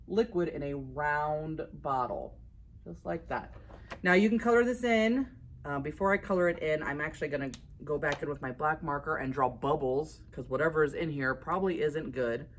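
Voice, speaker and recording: A woman's voice: low-pitched, a little hiss or hum. A woman giving a casual drawing tutorial as an art instructor, chatty and upbeat, laughing at herself as she works.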